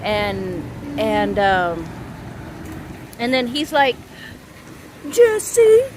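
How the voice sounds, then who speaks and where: A woman in her thirties venting on a casual vlog, rambling and halting, swearing often. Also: medium pitch, fairly bright tone, slight background noise. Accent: Southern US. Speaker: vlogger.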